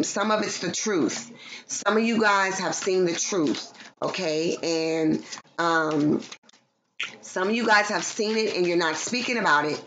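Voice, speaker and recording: Profane, playful woman reading tarot. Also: lowish voice. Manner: loose, profane, playful, breaks into singing. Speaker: tarot reader. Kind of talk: casual livestream tarot reading. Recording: dull lo-fi sound with background noise.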